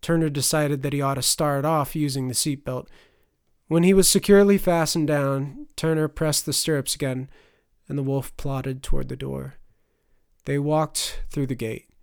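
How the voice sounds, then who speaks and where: A man narrating a fantasy audiobook in a steady, expressive storytelling manner. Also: mid-range voice, gravelly, dry recording, studio quality.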